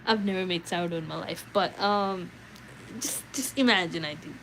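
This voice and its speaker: A young adult woman streaming a read-aloud, chatting casually with viewers in an animated, filler-heavy way. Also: fairly low pitch, normal speed, a little hiss or hum, poor audio.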